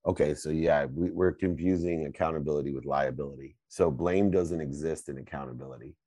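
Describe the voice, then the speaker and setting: Middle-aged guy, super low voice, dark tone, preachy motivational host, dry close sound. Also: brisk, dry recording. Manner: fervent, preachy, swings between loud and soft. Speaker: host and coach. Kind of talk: motivational Q&A answers.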